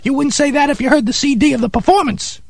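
A performer voicing Harry, an eccentric, excitable male music snob who talks in a pompous, condescending way in a comedy radio sketch. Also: high voice, quick pace, vocal fry, dry recording, studio quality. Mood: snobbish. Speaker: regular sidekick character.

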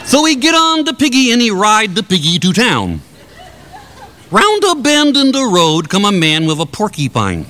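A man telling a comic fairy tale in a drawn-out, mock-childlike way, putting on voices for the characters. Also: high voice, huge pitch swings, pushed and bright. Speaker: storyteller.

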